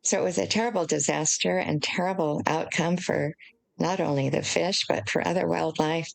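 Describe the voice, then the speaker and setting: An older woman from the United States, an author speaking as an interview guest, explaining in an earnest, measured way. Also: low voice, fairly even intonation, gravelly, low-quality recording. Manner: earnest, emotional at times, measured.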